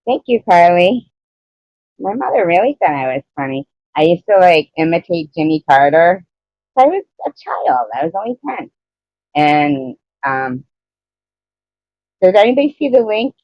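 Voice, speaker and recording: A woman's voice: lowish voice, sing-song, unhurried, long pauses, no echo, highs cut off. A woman hosting a casual livestream, rambling, reading out chat comments and laughing often between remarks. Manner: rambling, reads out chat comments and greets viewers. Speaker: livestream host. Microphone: phone.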